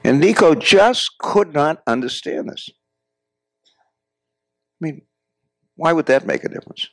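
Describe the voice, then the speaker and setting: Older man telling lively stories. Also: a little high, slow, creaky, dry recording. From United States. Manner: animated anecdotal storytelling, addresses audience as folks. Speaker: guest speaker. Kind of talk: storytelling lecture. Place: classroom or lecture hall.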